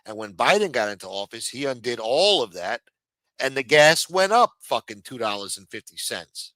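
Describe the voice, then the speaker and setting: A man's voice: medium pitch, sing-song, normal speed, bright, forceful tone, no room sound. Profane ranting middle-aged man. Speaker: show host. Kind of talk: ranting livestream commentary. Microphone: streaming microphone.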